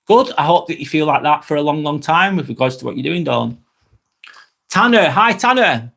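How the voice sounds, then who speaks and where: A man's voice: fairly high pitch, lively intonation, moderate pace, gravelly, sharp tone. Broad Lancashire man chatting live. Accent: Lancashire English. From Northwest England. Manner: chatty and swears freely. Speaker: live vlog host. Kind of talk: casual live-stream chat reading out comments.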